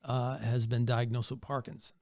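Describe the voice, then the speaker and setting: A man's voice: mid-range voice, moderate pace, no echo. A man guest on a podcast, telling studio and tour stories casually, acting out what others said. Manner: animated storyteller, acts out quoted dialogue. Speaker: touring drummer, guest. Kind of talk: casual interview storytelling.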